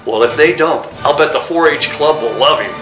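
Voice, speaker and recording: A man's voice: on the high side, close to an everyday voice. A cheerful, goofy robot dog hero tossing off puns and one-liners in a raised, bouncy voice, as a man puts him on. The room rings with echo, and music plays behind. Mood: wisecracking. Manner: punchline jokes, cheerful and quick.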